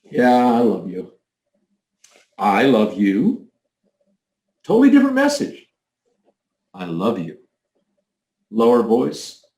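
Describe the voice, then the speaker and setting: Male leadership coach, gravelly voice, mid pitch, emphatic teaching delivery, echoey room. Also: darkish tone. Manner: coaching, emphatic, demonstrates tones of voice. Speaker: leadership trainer. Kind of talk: recorded leadership training talk.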